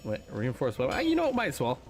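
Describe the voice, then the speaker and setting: Brief: casual man commentating his own gameplay, animated, swears freely. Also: mid-range voice, very fast, faint music behind. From North America. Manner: chatty, swears, thinks aloud. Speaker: gaming streamer.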